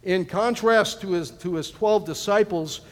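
Male pastor, sermon, high voice, folksy and animated, long hall reverb. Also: measured pace. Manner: animated, folksy with acted asides.

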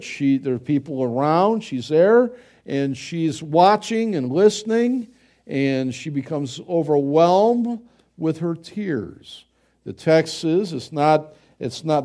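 A man's voice: on the high side, darkish tone. A middle-aged man preaching a sermon, his voice sitting a little above the usual male range. He talks in a loose, conversational way, with frequent "uh"s and restarts as he works through the text. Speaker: pastor.

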